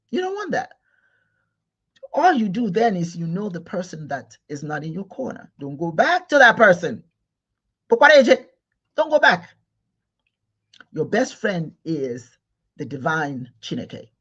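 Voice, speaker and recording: A man's voice: fairly high pitch, slightly rough. A man teaching as a spiritual leader, speaking emphatically with many repeats and restarts, from Igbo Nigeria. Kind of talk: spiritual talk. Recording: dull lo-fi recording.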